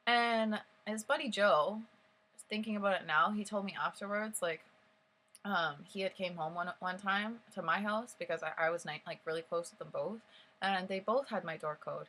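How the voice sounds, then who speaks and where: With a medium-pitched voice and a moderate pace, this young woman vlogs a rambling story full of "like" fillers, getting emotional and animated as she tells it.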